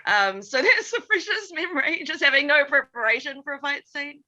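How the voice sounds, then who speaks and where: A woman's voice: high-pitched, animated, brisk, bright, forceful tone, muffled recording. A woman chatting as a guest on an online panel, laughing easily as she talks over a video call. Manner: giggly, laughs easily while talking. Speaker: panel guest, former series actress. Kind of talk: casual panel chat.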